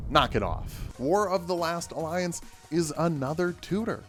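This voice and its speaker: A man casually walking through the cards of a deck, joking and going off on rambling asides, with faint music behind him. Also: mid-range voice. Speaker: deck tech host. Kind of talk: casual card game deck review.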